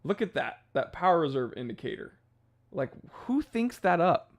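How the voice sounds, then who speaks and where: A man's voice: a little high, big pitch swings, moderate pace. A man hosting a casual livestream, chatting loosely and rambling, with laughs at his own jokes. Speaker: livestream host.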